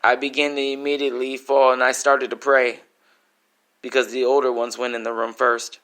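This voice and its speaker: Intense spoken-word man, bright clear voice. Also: medium pitch, level tone, normal speed. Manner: emotional, intense, pleading.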